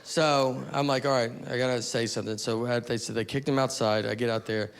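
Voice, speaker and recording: A man telling a stand-up story on stage, deadpan and understated, with rambling asides. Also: mid-range voice, a little fast, gravelly, a faint crowd. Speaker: stand-up comedian. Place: comedy stage before a live audience. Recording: live audience murmur and faint noise. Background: audience laughter.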